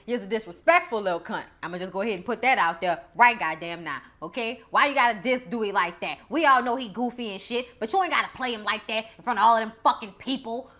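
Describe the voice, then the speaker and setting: A young woman with a bright, ringing voice, sitting slightly high in her range, recapping a horror movie in casual chat. She is sassy and profane and keeps scolding the characters as if they could hear her. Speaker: movie reviewer.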